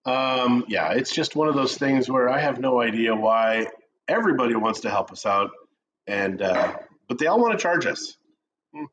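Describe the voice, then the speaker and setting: A middle-aged man in a relaxed coffee chat, spinning jokey stories with a voice that swoops up and down. His pitch sits in the middle of the range. The stream audio sounds dull and lo-fi. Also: moderate pace, a little hiss or hum. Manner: joking, animated storyteller. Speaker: co-host of a real estate chat show.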